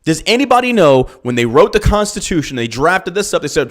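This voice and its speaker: A man's voice: on the high side, big pitch swings, a little fast, hardly any pauses. A male podcast host and business owner ranting about politics, swearing freely and firing off rhetorical questions. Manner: profane, heated, rhetorical questions. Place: lives in Texas.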